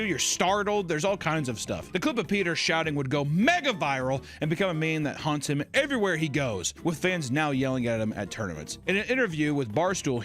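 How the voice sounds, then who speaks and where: A man hosting casual commentary, animated and swearing, breaking into shouted impressions. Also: a little high. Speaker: co-host.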